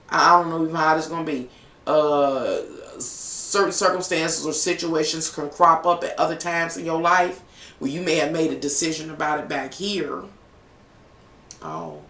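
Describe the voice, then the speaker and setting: The voice is medium-pitched and a bit bright. It belongs to a tarot reader delivering a casual, emotional, emphatic reading to viewers, rambling with lots of fillers, captured far from the mic in an echoey room with faint noise.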